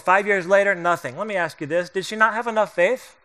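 A man's voice: high voice, brisk, sharp tone, smooth. A middle-aged male pastor preaching a sermon in a conversational, joking way, acting out the voices of the people in the story.

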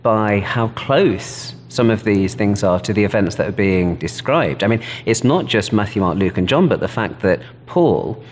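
A man's voice: lowish voice, expressive, moderate pace, few pauses, in a large hall, slight background noise. A British man, a Bible scholar, explaining history thoughtfully and enthusiastically in an interview. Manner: thoughtful, enthusiastic, self-correcting. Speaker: New Testament scholar, interview guest.

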